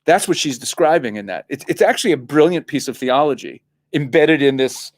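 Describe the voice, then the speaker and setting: A man with a fairly high voice, a rabbi guesting on a studio talk show. He talks in an animated way, laughs often and restarts his sentences, repeating words as he builds his point. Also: a little fast. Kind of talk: casual talk-show conversation.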